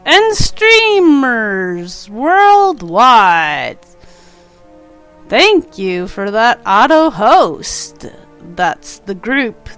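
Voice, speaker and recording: A congested, stuffy-sounding woman with a mid-range, slightly bright voice chats casually on a live stream while playing a city-building game. She rambles and talks back to both the game and a pet.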